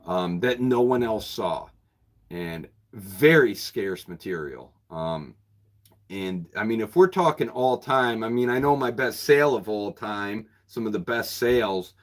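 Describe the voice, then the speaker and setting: A man's voice: lowish voice, animated, a little slow. A man who runs a bookshop, chatting casually with viewers on a livestream in a rambling way, often repeating words and chuckling. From New York State. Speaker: bookseller and channel host. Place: his bookshop.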